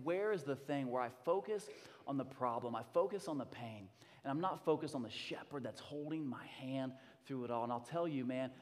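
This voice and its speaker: A man in his thirties preaching a sermon as a pastor, impassioned and emphatic, dropping to a hush and then rising loud again. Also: medium pitch. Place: church sanctuary. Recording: long hall reverb.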